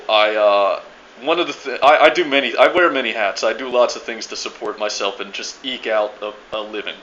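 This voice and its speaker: A man's voice: mid-range voice, a bit bright, lo-fi sound, a little hiss or hum. A man ranting to his viewers in a profane, rambling monologue, full of restarts and stammered repeats. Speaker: video blogger ranting to viewers.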